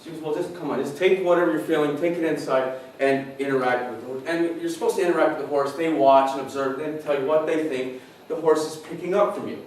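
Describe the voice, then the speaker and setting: Middle-aged pastor guy telling a personal story, halting and emotional, faint hiss, big echoey church. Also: a little high, fairly even intonation. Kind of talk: sermon storytelling. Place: large church hall. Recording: echoey church hall from far off, faint noise.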